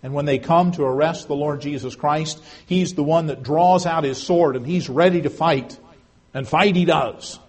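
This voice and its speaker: A husky-voiced man preaching in a somewhat high register. He tells the story earnestly, swelling to emphatic peaks and then dropping to a hush. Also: normal speed. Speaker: pastor. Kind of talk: sermon.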